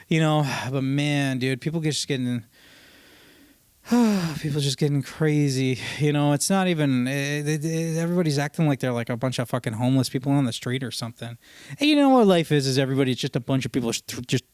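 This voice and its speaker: A man's voice: on the high side, smooth, no echo, studio quality. A young man hosting a casual solo podcast, telling rambling work stories full of swearing and quoted voices. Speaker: podcast host. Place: home podcast set with curtain backdrop.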